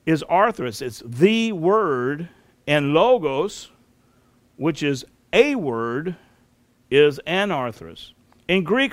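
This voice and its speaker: Slow, deliberate male Bible teacher. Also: on the high side, dry recording. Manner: slow, deliberate explaining with spelled-out terms.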